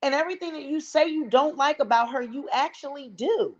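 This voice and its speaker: A woman's voice: high-pitched, fairly quick, muffled recording. A woman hosting a casual gossip commentary vlog, blunt, sassy and profane. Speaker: vlog host.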